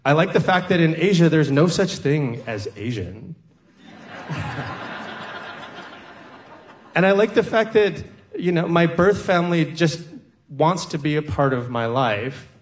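Slow, earnest male storyteller. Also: a little high, lively intonation. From American Midwest. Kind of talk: personal storytelling on stage.

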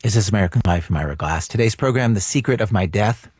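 Man, radio show host, wry asides, low pitch, dry booth. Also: lively intonation, fast, a little mellow, breathy edge, no echo. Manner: wry, self-questioning asides. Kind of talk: public radio hosting.

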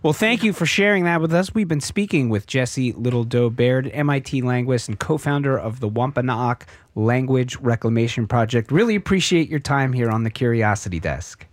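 A man hosting a radio show, interviewing a guest and then wrapping up the show in a brisk, conversational way. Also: medium pitch, lively intonation, no room sound. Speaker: radio host.

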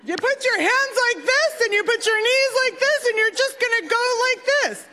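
A woman's voice: a little high, animated, very fast. A woman voicing her eager, pumped-up father coaching a dive, in a reverberant hall. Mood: hyped coaching.

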